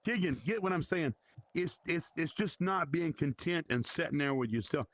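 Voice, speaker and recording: A man's voice: a little high, moderate pace. A man leading an informal Bible study in a virtual reality church, talking conversationally and challenging his listeners.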